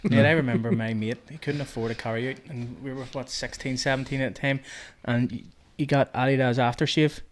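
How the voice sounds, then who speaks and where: Quick blunt man in casual banter. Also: medium pitch, fairly even intonation, slight background noise. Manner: blunt, sweary interjections. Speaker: podcast co-host. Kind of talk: casual chat.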